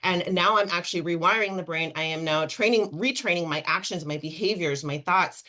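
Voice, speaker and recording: A woman coach on a webinar panel who talks with excited, animated energy, explaining quickly and piling on examples. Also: lowish voice.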